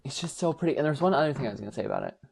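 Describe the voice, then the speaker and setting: A young man co-hosting a podcast, gushing and animated as he recaps a show, swearing casually. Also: mid-range voice, very fast, gravelly, husky. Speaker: podcast co-host. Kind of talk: casual chat.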